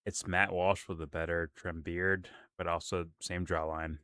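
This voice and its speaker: A man with a very deep, smooth voice co-hosting a reaction video. He talks casually, throwing in sarcastic, mumbled comments over the clip, recorded dry and close. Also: flat delivery, measured pace, pushed and bright, dry recording. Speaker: co-host of a reaction show.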